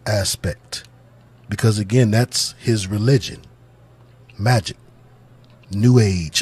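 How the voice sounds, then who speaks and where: A man giving spoken religious commentary on song lyrics, talking in a deliberate, musing, sermon-like way and circling back to repeat his points. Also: mid-range voice, a little mellow, breathy edge. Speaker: channel host, religious music commentator.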